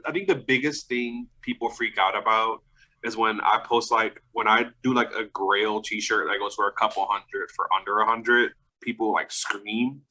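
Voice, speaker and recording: A man's voice: fairly low pitch, steady tone, normal speed, sharp tone, low-quality recording. A young man in a casual podcast interview, talking loosely about selling vintage clothes, swearing and laughing often. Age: young adult.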